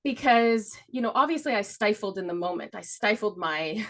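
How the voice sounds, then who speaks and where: A woman's voice: mid-range voice, animated, moderate pace. A middle-aged woman co-hosting a podcast, telling a story in a rambling way, laughing often and swearing casually. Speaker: podcast co-host. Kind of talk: casual chat.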